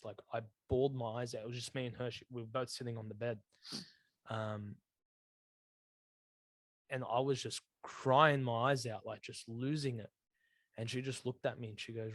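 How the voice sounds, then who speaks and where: Casting: male co-host, mid-pitched, earnest, slangy, close dry mic. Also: steady tone, normal speed, pauses often, fairly bright tone, dry recording. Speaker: podcast co-host. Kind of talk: casual faith chat.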